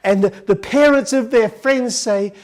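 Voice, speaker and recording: A man's voice: very high-pitched, measured pace, a little mellow. A man giving an educational talk to an audience in a conference hall, telling family stories and acting out the dialogue. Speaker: education presenter.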